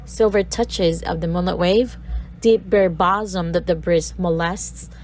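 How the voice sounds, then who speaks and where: A woman's voice: lowish voice, fairly even intonation, measured pace, darkish tone, slight background noise, low-quality recording. A woman from the Philippines presenting a recorded literature lesson, reading a poem aloud and breaking down its sounds word by word.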